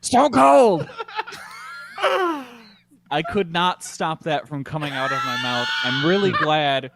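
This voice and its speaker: A man's voice: on the high side, normal speed, heavy background noise. A man chatting in a casual podcast, rowdy, laughing often and swearing. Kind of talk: casual storytelling chat.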